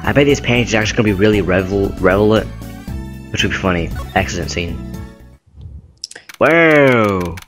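A man's voice: low voice, fast, music in the background. A young man hosting a game playthrough, reading the dialogue aloud in a jokey, hammy way. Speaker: let's play host.

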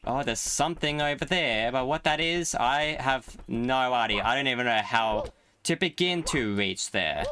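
A young gaming YouTuber with a mid-range voice speaks at a normal speed over game music, with slight background noise. Excitable and jokey, he gives live commentary as he plays, talking both to the game and to his chat.

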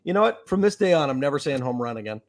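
A man's voice: medium pitch, big pitch swings, fast talker. A man co-hosting a casual baseball chat show in a playful, jokey way, easily going along with the other host. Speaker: podcast co-host.

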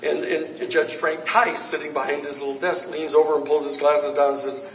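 A man giving an author talk, telling lively anecdotes to a live audience and acting out quoted lines. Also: fairly high pitch, moderate pace. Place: bookstore event space. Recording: roomy echo from far off.

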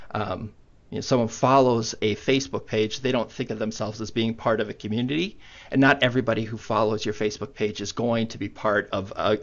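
Gravelly man presenting a webinar. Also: fairly low pitch, a bit bright. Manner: conversational, many fillers. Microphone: computer mic on video call. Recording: muffled online meeting audio.

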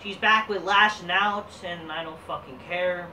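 A man's voice: high-pitched, steady tone, measured pace, bright, forceful tone, slight background noise. A man giving a casual, profane, rambling recap of a wrestling show. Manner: crude, profane and rambling, with frequent restarts. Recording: roomy echo, distant from the mic.

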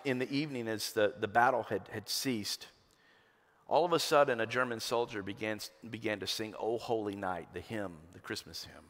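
Impassioned male pastor in a reverberant sanctuary. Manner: impassioned preaching, swinging between loud emphatic peaks and hushed lows. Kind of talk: sermon. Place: church sanctuary. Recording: long hall reverb.

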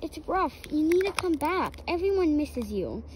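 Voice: sits high, very animated, moderate pace, background noise. A child voicing a firm father horse. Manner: firm, coaxing. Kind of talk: toy horse play-acting.

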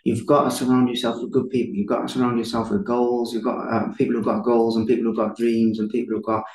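Fast-talking host in an echoey room. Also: male voice, mid-range voice, flat delivery, a little mellow. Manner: encouraging, calls the guest "mate". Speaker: podcast host. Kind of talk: casual interview chat.

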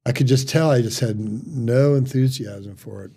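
A middle-aged man, a surgeon, telling stories in casual chat, halting with restarts and quoted dialogue. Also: mid-range voice, dark tone, breathy edge. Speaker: surgeon guest.

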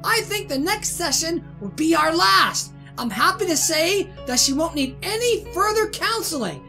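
A woman reading a calm therapist's progress report from a video game. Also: extremely high pitch, normal speed, faint music behind, full character voice.

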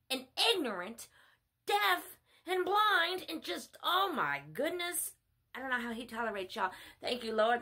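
A woman's voice: fairly high pitch, sharp tone. A woman delivering a blunt, scolding sermon monologue. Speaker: self-styled spiritual mother preaching.

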